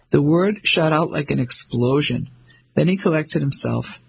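A man narrating a novel in measured, scripted storytelling. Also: on the high side, expressive, gravelly, a little hiss or hum, poor audio. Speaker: audiobook narrator.

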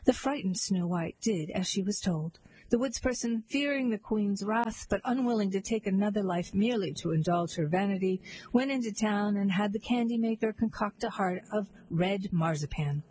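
Woman narrator, deadpan and wry, husky voice. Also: medium pitch, poor audio. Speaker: storyteller. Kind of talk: scripted narration.

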